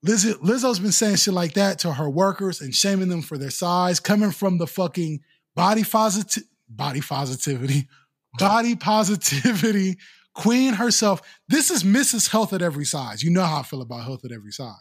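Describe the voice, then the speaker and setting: A man's voice: sits high, animated, normal speed, slightly rough. A man co-hosting a podcast, chatting casually and profanely, often acting out quotes in mocking voices. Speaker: podcast co-host. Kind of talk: casual comedic chat.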